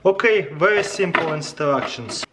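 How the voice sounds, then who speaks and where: A man casually reviewing kitchen gadgets at home, talking to his dogs and getting loud and excited as he demonstrates. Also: normal speed, heavy background noise. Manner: excitable, gets very loud and high when thrilled. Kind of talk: casual product review vlog.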